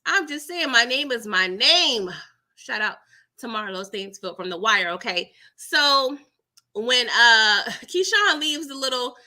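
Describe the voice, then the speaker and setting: A woman hosting a casual live-stream recap, animated and chatty, who laughs often and keeps tagging her lines with "okay?" and "girl". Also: a little high, takes it slowly. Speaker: TV episode recap host.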